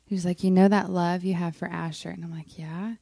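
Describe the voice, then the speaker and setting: A woman with a warm, gravelly voice talks softly through a personal faith story, pausing on frequent ums. Her voice is close and dry, with no room sound around it. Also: lowish voice, flat delivery, no echo. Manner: soft-spoken, frequent ums, emotional. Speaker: worship leader on a moms' panel. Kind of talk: casual heartfelt testimony.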